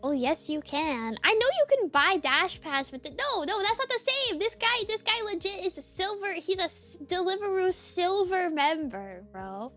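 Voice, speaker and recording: A young woman streaming, chatting casually and excitedly greeting her chat one by one. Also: very high voice, moderate pace, few pauses, soft background music. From United States.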